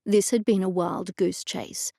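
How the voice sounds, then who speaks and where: Gravelly woman audiobook narrator. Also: fairly low pitch, a little slow, dry recording, studio quality. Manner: steady first-person storytelling. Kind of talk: scripted narration.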